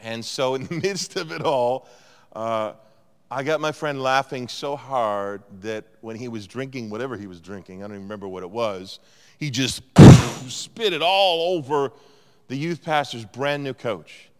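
A man's voice: mid-range voice, moderate pace, clear, resonant tone. A man preaching a sermon as pastor, telling stories and acting out what people said. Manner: animated storyteller, acts out quotes. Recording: long hall reverb.

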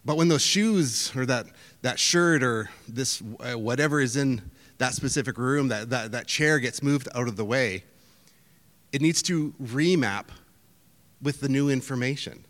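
A man preaching from the pulpit in a relaxed, conversational style, stumbling and restarting as he goes. His voice sits at a middle pitch and rings with a long hall reverb. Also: measured pace. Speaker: pastor. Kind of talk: sermon. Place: church hall. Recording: echoey church hall.

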